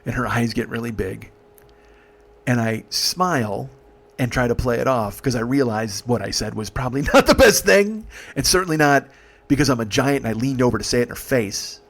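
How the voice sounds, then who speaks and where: A man's voice: medium pitch, animated, moderate pace, gravelly, a bit bright. A male comedian telling a story, exasperated and swearing freely. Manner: profane, exasperated.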